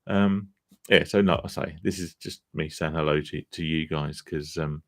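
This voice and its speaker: A man's voice: a bass voice, fairly even intonation, moderate pace, no room sound, studio quality. A man hosting a casual live stream about gambling recovery, chatty and self-deprecating, tired after a long day, swearing casually as he reads viewer comments.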